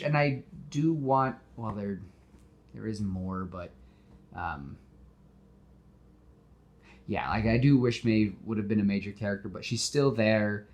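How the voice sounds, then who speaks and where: A man co-hosting a podcast, casually retelling movie scenes and acting out the characters' lines, with plenty of fillers and restarts. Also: lowish voice. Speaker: podcast co-host pitching a movie.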